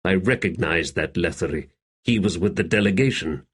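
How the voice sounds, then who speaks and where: A man voicing a wary warrior who mutters quietly, in an audiobook. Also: lively intonation, moderate pace, husky, heavily acted. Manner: muttered, low.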